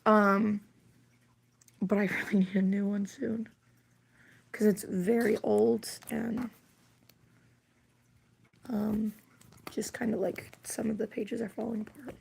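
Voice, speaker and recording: A woman's voice: mid-range voice, little pitch movement, takes it slowly, vocal fry, long pauses, slight background noise. A woman chatting casually on a livestream, rambling and wry with plenty of fillers, while coming down with a cold.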